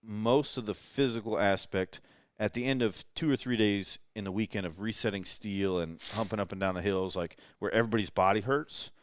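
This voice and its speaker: A man's voice: lowish voice, fairly quick, hardly any pauses, no room sound, studio quality. A man in his thirties telling self-deprecating stories in a casual late-night chat at a rental house. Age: 30s. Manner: self-deprecating storyteller, joking. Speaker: podcast guest shooter. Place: rental house living room.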